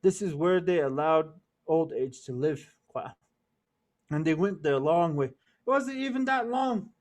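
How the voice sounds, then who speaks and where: A man's voice: on the high side, animated, a little slow. A man telling a traditional story as a lesson, repeating words for rhythm and mixing in Navajo words. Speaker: storyteller and cultural presenter.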